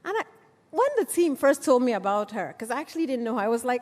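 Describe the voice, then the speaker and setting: A woman's voice: a little high, animated, fast talker, darkish tone, big-room sound. A woman giving a conference speech, persuasive and rallying, with rhetorical questions. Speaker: conference speaker.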